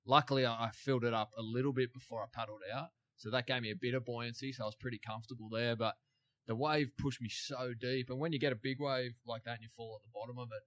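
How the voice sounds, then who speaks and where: A man's voice: medium pitch, steady tone, fast, fairly bright tone. A man, a guest in a studio telling a story casually, chuckling and restarting as he goes. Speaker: big wave surfer guest.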